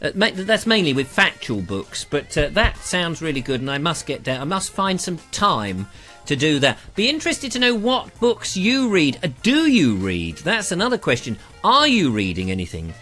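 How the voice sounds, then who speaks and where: A man's voice: fairly high pitch, wildly swooping pitch, normal speed, sharp tone, faint music behind. A middle-aged English man hosting a live online show, chatting casually and reading out viewer comments in a rambling, playful way.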